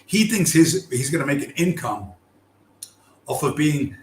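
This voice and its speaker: A man's voice: medium pitch, expressive, moderate pace. A man delivering a profane, emphatic ranting monologue, hammering his points with repetition and swearing. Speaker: show host. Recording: roomy with faint background noise.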